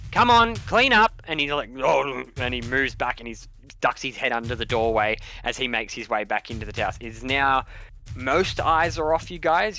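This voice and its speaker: Bright-voiced dungeon master. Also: male voice, medium pitch. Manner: rambling, many restarts, puts on quick voices for townsfolk. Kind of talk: narrating a tabletop game.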